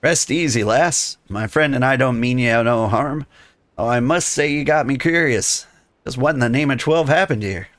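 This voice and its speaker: A man doing a gruff rogue-guild thief. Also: medium pitch, normal speed, a bit bright, no room sound, close to an everyday voice. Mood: wry. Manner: thick thieves' cant slang, conspiratorial.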